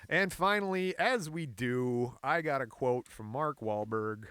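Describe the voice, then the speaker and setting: A man's voice: mid-range voice, a little slow, a bit bright, smooth, dry recording. A man co-hosting a casual podcast, telling a story with playful teasing asides. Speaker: podcast co-host. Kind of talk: casual chat.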